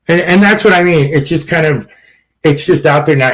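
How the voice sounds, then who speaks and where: A man's voice: a little high, normal speed, fairly bright tone, low-quality recording. A man hosting a podcast in casual political chat, blunt and rambling, swearing freely and laughing at his own jokes. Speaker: podcast host.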